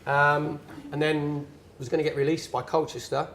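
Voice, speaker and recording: A man's voice: fairly high pitch, level tone, moderate pace, gravelly, a bit bright, a little hiss or hum. A man in his forties, a former footballer as guest, telling stories in an earnest, emphatic way with many restarts. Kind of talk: storytelling in a conversation.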